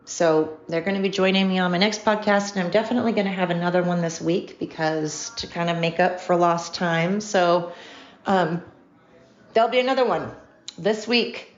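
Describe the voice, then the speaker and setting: A woman's voice: on the low side, creaky. A middle-aged woman hosting her own podcast, talking in a rambling, chatty, upbeat way. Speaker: podcast host. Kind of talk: casual solo podcast monologue. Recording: dull lo-fi home recording.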